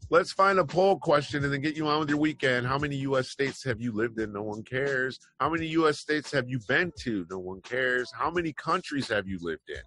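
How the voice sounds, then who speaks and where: A man's voice: on the high side, expressive, brisk, hardly any pauses, sharp tone. A man hosting an online news show, talking casually and rambling through his opinions with wry asides. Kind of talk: casual commentary on news headlines.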